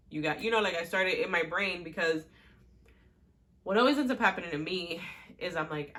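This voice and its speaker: A woman's voice: on the low side, brisk, a bit bright. A young woman hosting a talk show, telling personal stories in a chatty way, full of fillers and little laughs. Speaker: podcast host. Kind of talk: casual personal storytelling.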